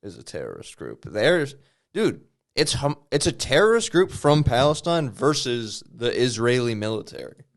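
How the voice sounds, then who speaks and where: A man's voice: medium pitch, big pitch swings, normal speed. A man co-hosting a comedy podcast in casual, laid-back chat. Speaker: podcast co-host.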